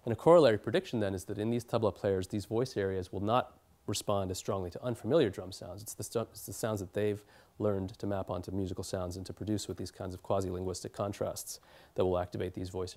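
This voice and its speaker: A man's voice: deep voice, fairly even intonation, fast, creaky, darkish tone. A man giving an academic lecture in a hall, explaining at length with fillers and restarts.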